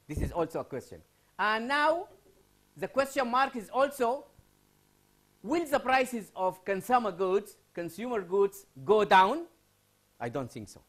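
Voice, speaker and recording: A man from Sudan teaching English in a televised university lecture, repeating key phrases and asking rhetorical questions. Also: high voice. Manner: repetitive, rhetorical questions, drawn-out emphasis. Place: university TV studio.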